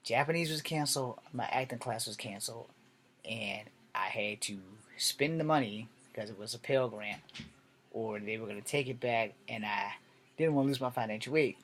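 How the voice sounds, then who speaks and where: A man's voice: mid-range voice, moderate pace, fairly bright tone. Man, casual vlog storyteller, candid and rambling, profane, mid-range voice. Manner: candid, rambling, swears freely. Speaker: vlogger telling a personal story.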